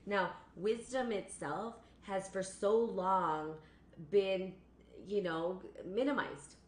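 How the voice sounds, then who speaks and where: A woman's voice: mid-range voice, slow. A woman hosting a casual spiritual live stream, rambling and repeating phrases as she talks to her viewers. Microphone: computer or phone on a live stream. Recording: echoey room with faint noise.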